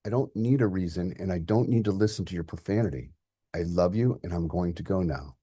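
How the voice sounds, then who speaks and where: A man voicing a dying older father who speaks softly, weary and gentle, at peace. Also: sits low, fairly quick, husky, dry recording, studio quality. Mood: calm.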